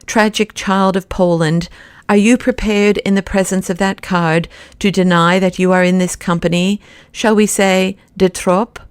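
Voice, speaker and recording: A woman reading the part of a huge, commanding male anarchist president, brisk and mockingly courteous. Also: mid-range voice, steady tone, clear, resonant tone, no room sound, lightly acted.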